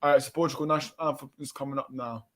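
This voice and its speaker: A man's voice: medium pitch, fairly even intonation, racing. A man hosting a football watchalong, chatting casually with teasing, slangy banter. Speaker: watchalong host. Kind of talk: casual live commentary chat.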